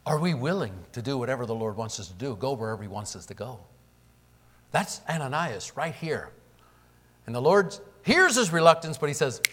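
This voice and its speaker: Animated preaching man, lively high voice. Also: a little fast. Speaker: pastor. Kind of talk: sermon.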